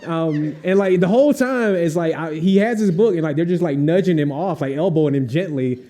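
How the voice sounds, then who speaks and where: Animated man telling a comic story. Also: fairly high pitch, brisk. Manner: animated storyteller, acts out voices, laughs often. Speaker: author on a panel. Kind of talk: anecdote telling at a live event.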